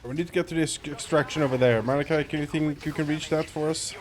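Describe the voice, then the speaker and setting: A man's voice: fairly high pitch, fairly even intonation, fast talker. A man chatting casually with friends while playing a game on stream, laughing often. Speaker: gamer on a live stream. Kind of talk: casual co-op gaming chat. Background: game music.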